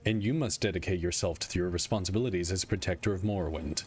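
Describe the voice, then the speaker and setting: A man reading aloud the lines of a weary male god-king who speaks dryly and candidly, in a plain, measured voice. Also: deep voice, a little mellow, soft background music, natural voice. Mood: solemn.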